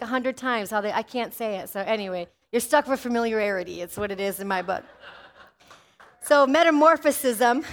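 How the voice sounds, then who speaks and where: High-voiced woman preaching a sermon. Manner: animated, calls out "Amen?" to the congregation. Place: church.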